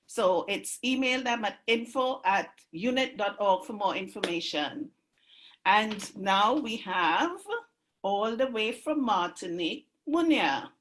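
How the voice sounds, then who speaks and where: A woman hosting an online community event, making relaxed, conversational announcements on a video call. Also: medium pitch, slow pace, rough recording. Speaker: event host.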